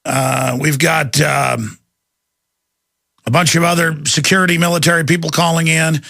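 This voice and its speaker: A man's voice: fairly high pitch, fairly even intonation, normal speed, vocal fry, pushed and bright. A man hosting a talk radio show, ranting urgently and intensely, with mocking asides. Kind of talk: fiery talk radio monologue.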